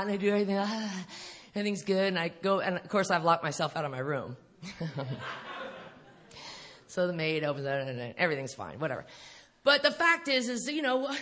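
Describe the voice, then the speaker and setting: Brief: middle-aged woman, recovery speaker at a live event, bright forceful voice, candid, swears freely. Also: medium pitch. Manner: blunt and profane, laughing often. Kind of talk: candid storytelling talk to an audience.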